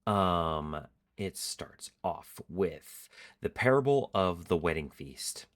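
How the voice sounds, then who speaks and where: A tired man hosting a casual faith podcast, reading scripture aloud in a relaxed, halting way with many fillers. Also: deep voice. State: tired, yawning. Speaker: podcast host.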